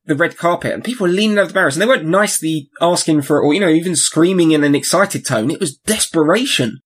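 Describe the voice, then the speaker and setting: A man's voice: fairly high pitch, quick pace, husky. A male guest telling a story in casual chat, with a hesitant delivery.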